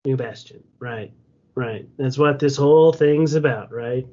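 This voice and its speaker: A man's voice: mid-range voice, measured pace, mellow, lightly acted. A man voicing a menacing, scheming male adventurer who taunts and sneers in a tabletop game. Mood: sneering. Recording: dull lo-fi recording.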